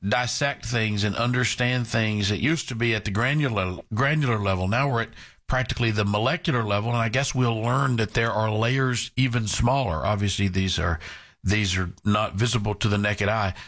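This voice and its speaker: A man's voice: on the low side, a bit bright. A male radio host chats casually, often stumbling over his words and starting again. He slides into dry, corny puns and groaner jokes. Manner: halting, many restarts, dry corny puns. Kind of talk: casual radio chat and joke telling.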